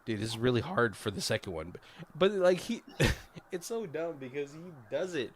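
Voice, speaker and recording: Male podcast host retelling a film scene by scene, loose and profane, with a lively voice over faint background noise. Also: medium pitch, normal speed. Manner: profane, laughing, retells scenes doing quoted lines. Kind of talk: casual movie review chat.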